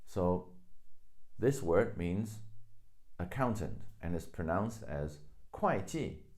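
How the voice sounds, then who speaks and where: Slow, deep-voiced male language teacher. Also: expressive, darkish tone. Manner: slow, patient, repeats example sentences. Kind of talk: explaining grammar with examples.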